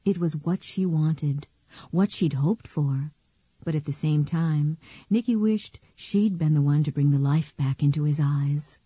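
A female audiobook narrator with a low, warm voice and a soft, breathy texture. She tells the story in an even, unhurried way. The recording is close and dry, with no room around it. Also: dry recording, highs cut off. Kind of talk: scripted narration.

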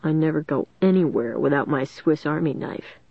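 A woman reader voicing a cocky teenage boy prankster in a low, conspiratorial whisper. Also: normal speed, creaky, dry recording, lo-fi sound. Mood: sly whisper.

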